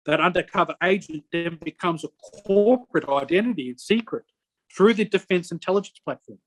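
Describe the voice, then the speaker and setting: A man's voice: high-pitched, dry recording. A middle-aged man giving a rambling interview account, stopping and restarting often. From Australia. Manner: rambling, halting with many restarts. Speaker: interview guest. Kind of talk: conversational personal account.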